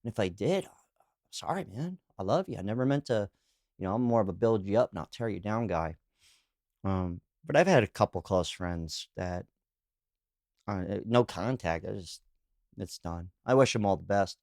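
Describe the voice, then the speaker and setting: Podcast guy riffing on comments, low voice, loose and candid, lots of you know and like, dry close sound. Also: normal speed, darkish tone, no echo. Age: adult, calls himself too old. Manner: rambling and candid, heavy on "you know" and "like" fillers; laughs while telling anecdotes. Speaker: podcast host. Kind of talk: casual solo monologue, reacting to read-out comments.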